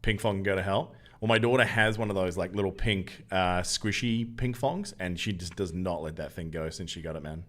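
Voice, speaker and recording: A man's voice: sits low, fairly quick, few pauses, fairly bright tone. A young Australian man streaming a mobile game, joking loosely with viewers and answering the chat as he plays. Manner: jokey, loose banter, reads out chat and answers.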